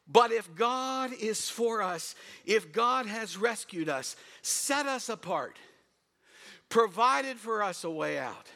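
Animated high-voiced pastor telling stories. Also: male voice, unhurried, creaky. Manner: animated, hums tunes and shouts for emphasis. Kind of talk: storytelling sermon.

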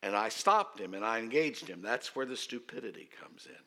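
A man in his fifties, a pastor telling a story in his sermon in a conversational, self-deprecating way with dramatic pauses. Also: fairly low pitch, animated, bright, forceful tone.

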